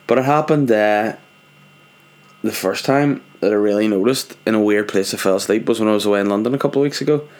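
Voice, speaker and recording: Sweary, rambling man, lowish voice. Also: fast talker, darkish tone. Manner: rambling, sweary, self-mocking. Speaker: vlogger, father. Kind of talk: casual anecdotal monologue.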